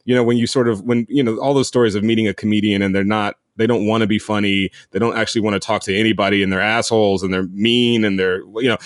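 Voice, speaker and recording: A man's voice: lowish voice, steady tone, quick pace, few pauses, no room sound, studio quality. A man hosting a podcast, talking conversationally with frequent restarts and laughter. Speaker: podcast host. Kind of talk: casual podcast interview.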